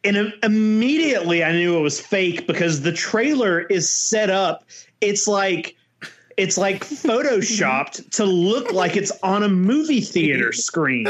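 Male co-host with a slightly high voice, deadpan teasing, matter-of-fact. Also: measured pace. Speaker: podcast co-host. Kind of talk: casual chat.

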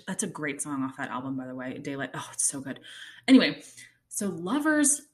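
Gushing young woman, excitable chatter. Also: lowish voice. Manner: gushing, excitable fan talk with many "like"s and sudden squeals. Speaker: vlogger. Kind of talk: casual chat to camera.

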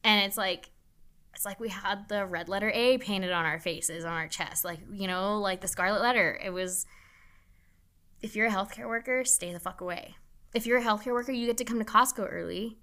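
A woman's voice: medium pitch, brisk, sharp tone. A young woman nurse being interviewed, talking candidly and emotionally, swearing freely. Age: young adult. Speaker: nurse guest. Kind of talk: casual interview talk.

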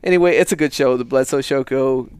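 A man's voice: medium pitch, fast talker, darkish tone, clear, resonant tone, no echo. A man co-hosting a podcast in loose, casual chat, swearing freely and laughing often. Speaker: podcast co-host.

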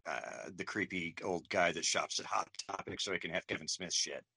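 A man's voice: low-pitched, steady tone, fairly quick, vocal fry, sharp tone, slightly rough, no room sound, clean studio sound. A man in his forties chatting casually as a guest, wry and self-deprecating. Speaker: comedian guest. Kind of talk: casual interview chat.

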